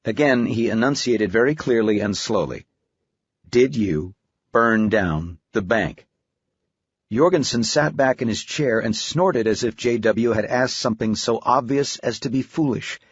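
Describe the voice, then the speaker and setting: A man narrating an audiobook in a steady, even storytelling manner. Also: on the low side, breathy edge, no room sound. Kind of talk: scripted narration. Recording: dry, slightly dull studio audio.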